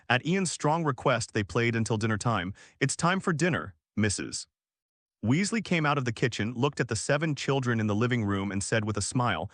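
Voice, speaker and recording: A man narrating a fan-fiction story in a steady, even reading voice. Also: mid-range voice, moderate pace, dry recording, clean studio sound.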